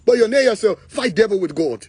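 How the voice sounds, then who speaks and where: A man's voice: high-pitched, lively intonation, fairly quick, darkish tone, husky, no room sound. A man telling comic stories on a live stream, acting out both sides of the dialogue and laughing often. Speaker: livestream host. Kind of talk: casual storytelling on a live stream. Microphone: phone.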